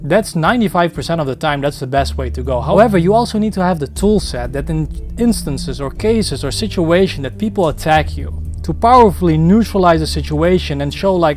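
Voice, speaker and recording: A man's voice: on the high side, animated, fairly quick, few pauses, a little mellow, soft background music. A man giving explanatory commentary on dialogue clips, coaching viewers and often calling them "guys". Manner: coaching, repeats key phrases, addresses "guys". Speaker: video host, commentator.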